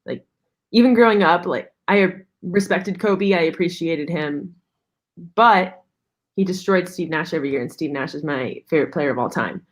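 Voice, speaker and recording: A young woman in her twenties talks sports as a guest, chatty and earnest, her speech full of "like." Her voice sits slightly low for a woman. She comes through a video call. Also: moderate pace. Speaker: podcast guest. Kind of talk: casual sports chat.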